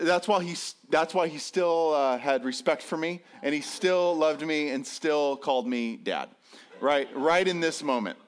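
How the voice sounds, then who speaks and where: A man spinning a funny, self-mocking story for a live audience, high in pitch and swinging widely up and down as he acts out each exchange. His delivery is lively and animated. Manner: animated, self-deprecating, acts out dialogue in voices. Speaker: speaker telling a story to an audience. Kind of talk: comic personal storytelling.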